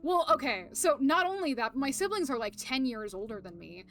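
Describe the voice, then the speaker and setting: Young woman streamer rambling to chat, bright and a bit high, lots of uhs and laughs, faint music behind. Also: very animated, fairly quick. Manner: rambling, laughing often, many fillers, swearing. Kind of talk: casual chat to stream viewers.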